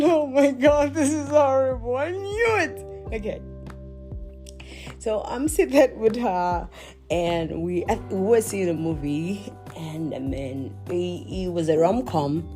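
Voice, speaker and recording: A woman, hosting a podcast and telling a confessional story in a chatty way, full of laughing asides where she talks to herself. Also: medium pitch. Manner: animated, self-talking, laughing asides. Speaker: podcast host.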